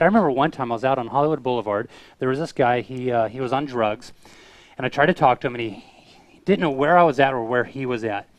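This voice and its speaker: A man talking fast in a relaxed chat, animated and storytelling. He slips into the voices of the people he describes. The sound is close and dry, with no room around it. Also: medium pitch, no echo. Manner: animated storyteller who acts out voices in his stories. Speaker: co-host of a street evangelism web show. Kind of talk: casual chat, telling anecdotes.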